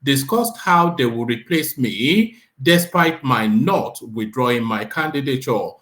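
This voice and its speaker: A man's voice: medium pitch, expressive, unhurried, a bit bright. A man hosting a political talk show, emphatically reading a legal document aloud. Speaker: host. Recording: roomy echo.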